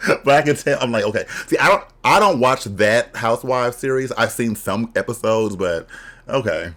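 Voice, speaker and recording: Hosting a laid-back drag reaction video, this man talks at normal speed with a medium pitch, lively intonation, and fairly bright tone. Expect blunt candor, bawdy humor, and plenty of laughter.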